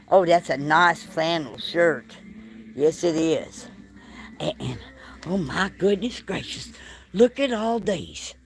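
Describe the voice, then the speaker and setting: A woman, filming a casual vlog walk-through of an indoor shop on a handheld phone, exclaiming and gushing over what she sees. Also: mid-range voice. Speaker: vlogger.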